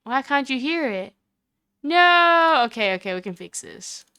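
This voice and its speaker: A young woman streaming a game live, chatting excitedly with her viewers and reading the characters' lines aloud. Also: sits high, measured pace, dry recording, clean studio sound.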